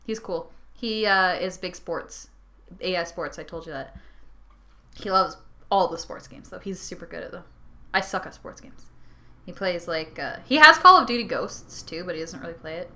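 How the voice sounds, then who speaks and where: A woman's voice: lowish voice, animated, moderate pace, pushed and bright. A young woman ranting casually to her camera, rambling and giggly with sarcastic asides, tired from a sleepless night. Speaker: vlogger. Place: her bedroom.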